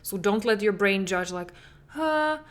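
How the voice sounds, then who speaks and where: Here a young woman who coaches parents talks solo on her podcast, her medium-pitched voice a bit bright and a little slow. The style is earnest and conversational, full of "like."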